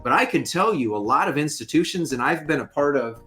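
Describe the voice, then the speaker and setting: A man's voice: fairly high pitch, animated, fairly quick, sharp tone, faint music behind. A man as a podcast guest, a fair lending consultant, explaining in an emphatic way with joking asides. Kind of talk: podcast interview.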